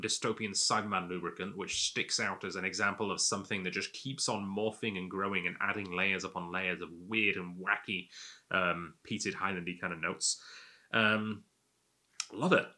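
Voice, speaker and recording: Bright-voiced man rambling through a tasting. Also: on the low side. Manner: rambling, self-amused, chatty. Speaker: whisky tasting host. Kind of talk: casual tasting monologue.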